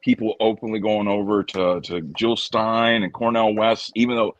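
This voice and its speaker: A man's voice: fairly low pitch, little pitch movement, moderate pace, highs cut off. A man co-hosting a podcast in casual chat, giving rambling, hesitant opinions. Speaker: podcast co-host.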